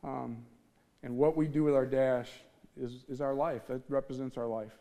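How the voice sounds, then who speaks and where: A man's voice: medium pitch, steady tone, moderate pace, warm tone. A man from the Midwest giving an earnest testimony talk on stage, telling his story with feeling and acting out the voices he quotes. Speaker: speaker. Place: on stage before an audience.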